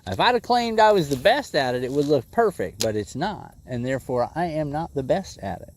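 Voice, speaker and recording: A man livestreaming bass fishing from a boat on a lake, chatting with viewers in an easygoing way and talking excitedly to the fish as he reels it in. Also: fairly quick, slight background noise. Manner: excitable, talks to the fish and chat. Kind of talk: casual live commentary while fishing.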